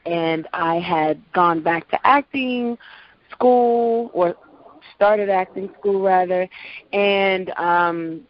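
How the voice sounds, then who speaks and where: Low-voiced woman telling her story. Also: very slow. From Prince George's County, Maryland, US. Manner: lively storyteller, acts out quoted voices. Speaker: actress and voice-over artist, guest. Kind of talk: casual interview talk. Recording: dull lo-fi audio.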